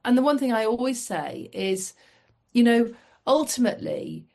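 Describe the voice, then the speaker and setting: A middle-aged woman from the United Kingdom, a podcast guest telling lively anecdotes with self-deprecating asides. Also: fairly high pitch, normal speed, vocal fry. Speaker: guest, former fast jet pilot. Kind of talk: casual storytelling.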